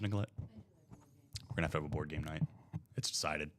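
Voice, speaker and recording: A man's voice: very deep voice, fairly even intonation, brisk, a little hiss or hum. A man hosting a live card break stream, chatting casually and joking in rambling banter.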